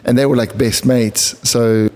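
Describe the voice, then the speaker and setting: A man's voice: medium pitch, steady tone, measured pace, darkish tone. A man co-hosting a podcast, telling stories in a loose, rambling way full of fillers and restarts. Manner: rambling, filler-heavy storytelling. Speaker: podcast co-host. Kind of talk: casual chat. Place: podcast studio set with lights.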